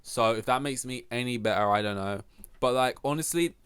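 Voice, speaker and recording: A man's voice: mid-range voice, brisk, fairly bright tone, clear, resonant tone. A young man with an English accent, hosting a solo podcast and rambling through a casual, profane, self-mocking rant. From England. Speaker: podcast host.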